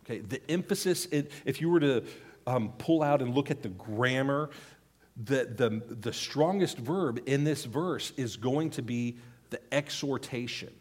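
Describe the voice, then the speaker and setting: A man's voice: mid-range voice, a little slow, a little mellow. A man in his thirties preaching a sermon to a congregation, teaching earnestly, pleading for emphasis and putting questions to the room. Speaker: pastor.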